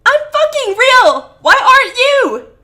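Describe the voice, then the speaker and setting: A woman's voice: a little high, completely flat delivery, slow pace, dark tone. A woman voicing an anguished young man who screams and pleads in raw despair. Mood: screaming anguish. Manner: shrieking, raw, breaking into cries.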